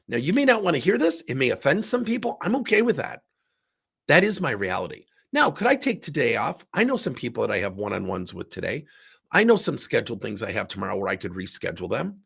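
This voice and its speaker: A man's voice: on the high side, gravelly, fairly bright tone, slightly rough. A man coaching in a recorded workshop talk, sick with a strained voice, speaking in an emphatic, candid way while seated indoors. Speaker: business coach.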